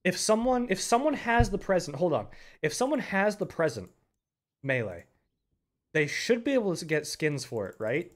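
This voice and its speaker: A young man giving live commentary on a game, excitable, breaking into loud yells and laughter. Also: sits high, normal speed. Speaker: game streamer.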